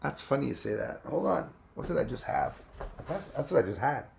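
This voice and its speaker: Gravelly-voiced man chatting on a live stream. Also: medium pitch, big pitch swings, fairly quick, a little mellow. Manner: rambling, chatty, laughs often. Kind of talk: casual live-stream chat reading viewer comments.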